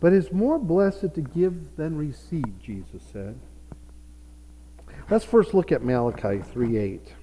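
A man's voice: on the high side, lively intonation, takes it slowly, warm tone. A man preaching a sermon as pastor, with playful asides to his congregation. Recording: reverberant hall.

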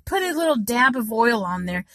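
A woman's voice: on the high side, very animated, normal speed, a bit bright, dry recording. A woman giving an impassioned faith talk to her viewers, urgent and full of repeated rhetorical questions. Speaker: Christian vlogger giving spiritual encouragement.

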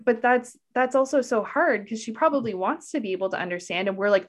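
A woman's voice: mid-range voice, steady tone, quick pace. A woman guesting on a podcast, speaking in an earnest, reflective way, with lots of "like" fillers. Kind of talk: casual conversation.

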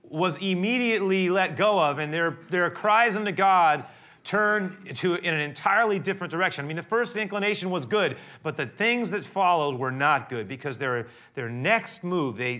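A man preaching with a bright, forceful voice. He tells the scripture story with drama, rising to loud emphasis and dropping to a near hush. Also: high-pitched. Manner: dramatic, swinging between raised and hushed delivery. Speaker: pastor. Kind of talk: sermon.

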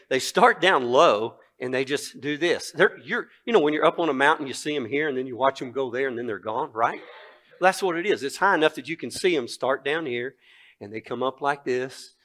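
A man's voice: mid-range voice, fairly bright tone. A man in his sixties preaching a sermon, telling a personal story with animation and then reading scripture earnestly. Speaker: pastor.

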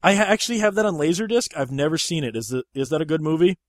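A man's voice: fairly high pitch, animated, quick pace, no room sound, studio quality. A man hosting a podcast, chatting casually about movies, rambling and swearing freely. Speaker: podcast host.

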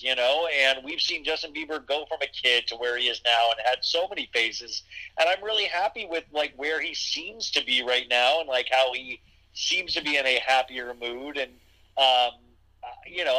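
A man's voice: fairly high pitch, pushed and bright, rough recording. A man hosting a podcast, chatting casually and rambling with lots of fillers and restarts. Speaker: podcast host. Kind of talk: casual chat.

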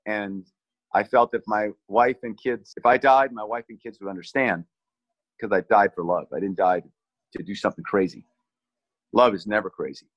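In conversation, a middle-aged man recalls a rescue he led as a relief team leader, speaking earnestly and repeating or restarting words as memories return. His voice is on the low side at a normal speed. There's no echo, and the highs are cut off.

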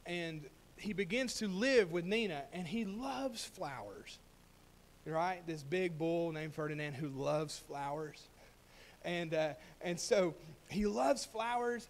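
A man's voice: sits high, lively intonation, normal speed. A man preaching a sermon, telling a story and building to emphatic, rising points. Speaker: pastor.

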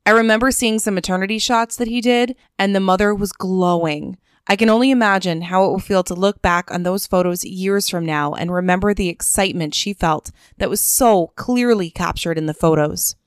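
Woman, podcast promo read, upbeat, smooth clear voice, dry close sound. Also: mid-range voice, no room sound. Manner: upbeat, spells out web addresses slowly. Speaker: podcast host reading a sponsor spot.

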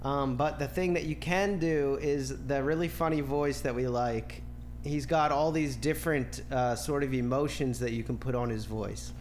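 A man's voice: mid-range voice, normal speed, a little hiss or hum. Casual, profane male podcast host. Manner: loose, profane, rambling. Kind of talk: casual chat.

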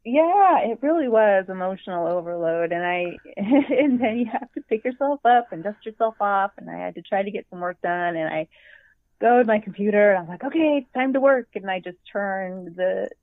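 A woman's voice: medium pitch, lively intonation, normal speed, no echo. A chatty woman telling a story with plenty of animation, acting out her own reactions as she goes. Her voice comes through a thin, tinny, phone-like line. The sound is dry and close. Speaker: podcast co-host. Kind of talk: casual fan chat.

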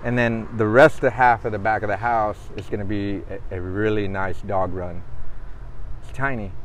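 A man, hosting a casual livestream chat in a relaxed, slangy way. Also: on the low side, normal speed, slight background noise, poor audio. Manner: relaxed, laughs easily, slangy. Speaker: coffee shop owner and host.

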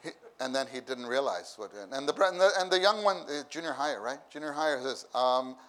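This preacher's medium-pitched voice is animated, fairly quick and fairly bright as he gives a conversational sermon to a church meeting. He performs the voices of figures in his stories, repeats phrases, and erupts in bursts of laughter.

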